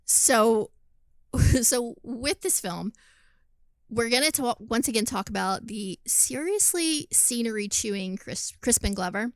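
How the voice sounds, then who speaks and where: A woman co-hosting a podcast, chatting casually about a film, animated, laughing often and swearing freely. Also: on the high side, a little slow, no echo. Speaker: podcast co-host. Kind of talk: casual film review chat.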